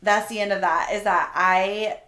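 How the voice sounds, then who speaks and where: A woman co-hosts a podcast, telling a story in a lively, animated way and laughing as she goes. Her voice sits in the middle of the range. The room gives it a noticeable echo. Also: medium pitch, unhurried. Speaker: podcast co-host. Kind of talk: casual chat. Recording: roomy echo.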